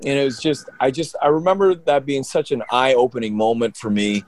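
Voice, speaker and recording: A man, a pro wrestler and co-host, telling stories in an animated, rambling way with lots of restarts. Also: mid-range voice, a little fast, dry recording. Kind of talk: casual storytelling on a podcast.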